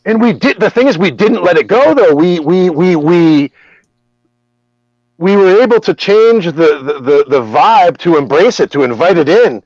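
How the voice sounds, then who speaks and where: A man talks on a podcast in a loose, rambling way, stopping and restarting his sentences and swearing freely. His voice sits a bit high for a man. The recording is dry and a little dull and lo-fi. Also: expressive, normal speed, a little mellow, dry recording. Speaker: podcast host. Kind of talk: casual conversation, personal storytelling.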